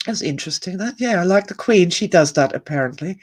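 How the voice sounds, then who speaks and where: A woman's voice: lowish voice, lively intonation, fairly quick, darkish tone, breathy edge. Woman, summit speaker, heartfelt anecdote-teller who drifts into asides and swears now and then. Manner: emotional, candid, digressive, with sighs and laughs. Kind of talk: personal storytelling talk.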